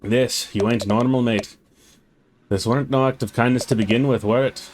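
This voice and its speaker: A man's voice: medium pitch, steady tone, moderate pace, slight background noise, lightly acted. A man voicing a gloomy, self-pitying male crab drifter in a mock Scottish sailor accent, melodramatic. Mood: scornful.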